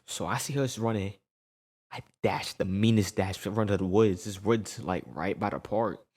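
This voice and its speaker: A young man telling a storytime tale in casual slang, animated and peppered with "right?" tags. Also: lowish voice, normal speed, breathy edge.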